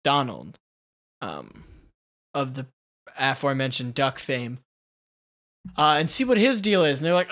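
A man's voice: fairly high pitch, sing-song, moderate pace, long pauses, a bit bright. A man co-hosting a comedy podcast in casual chat, playful and jokey, acting out silly quotes. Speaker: podcast co-host.

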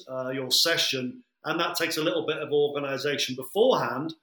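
Man from Britain, athletics coach, bright tone, considered and filler-heavy, roomy echo. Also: mid-range voice. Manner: considered, uses many fillers. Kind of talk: interview answer. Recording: echoey room.

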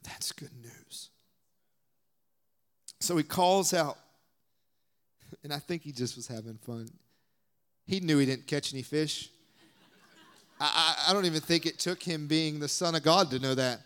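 A young man from the Southern US preaches with a Southern accent, pressing hard on his points in a slightly raised voice. He drops suddenly into hushed whispered asides. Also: a little high, moderate pace, pauses often, clear, resonant tone. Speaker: guest preacher. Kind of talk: sermon.

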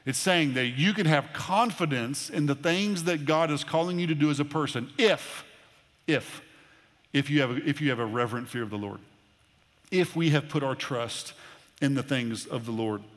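In a large hall, a pastor preaches a sermon in a fairly high, slightly bright voice at a moderate pace. He's earnest and conversational, often repeating words as he begins a phrase.

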